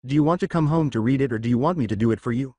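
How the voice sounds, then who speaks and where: A man voicing an excitable, eager mother who talks quickly. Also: mid-range voice, dry recording, lightly acted.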